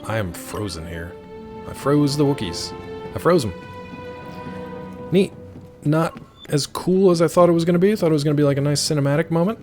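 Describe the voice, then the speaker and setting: A man's voice: on the high side, expressive, brisk, long pauses, darkish tone, faint music behind. A man streaming a video game live, chatting casually and answering his chat with wry asides.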